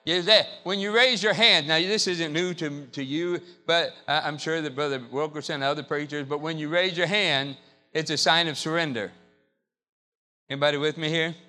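A man's voice: on the high side, steady tone, normal speed, bright, forceful tone, soft background music. A male pastor from the South, preaching a sermon in a church and repeating key phrases in call-and-response. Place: church sanctuary.

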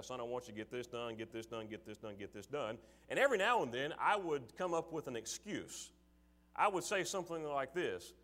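A man preaching a sermon, moving from casual, filler-laden asides to forceful, emphatic calls to his listeners. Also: mid-range voice. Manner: acts out his father's sarcastic voice.

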